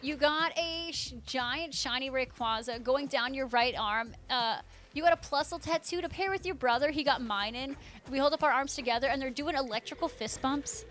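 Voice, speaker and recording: A streamer reading chat, this young adult woman speaks at normal speed in a high-pitched, slightly bright voice over slight background noise. She's casual, bubbly, and gushing, reading viewers' names aloud along with their messages.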